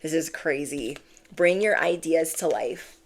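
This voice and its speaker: A woman giving a channeled tarot reading, speaking with animated, drawn-out emphasis while shuffling cards. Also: low-pitched. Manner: animated, drawn-out emphatic phrases, acts out quoted reactions. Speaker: tarot reader.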